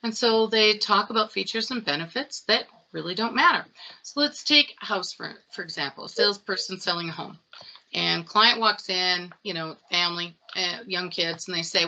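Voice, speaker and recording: A middle-aged woman sales expert in a casual interview, telling stories with animated acted-out dialogue. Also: mid-range voice, moderate pace, low-quality recording. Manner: animated storytelling, acts out dialogue. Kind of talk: conversational interview.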